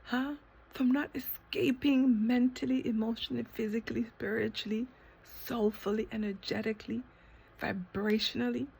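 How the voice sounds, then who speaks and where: A woman with a husky, somewhat high voice pours out an emotional monologue to herself. She repeats phrases, swears freely and sometimes sinks to a whisper, with halting restarts when feelings run high. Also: steady tone, darkish tone. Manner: impassioned, repetitive, swearing, sometimes dropping to a whisper. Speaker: vlogger. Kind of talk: emotional self-talk monologue.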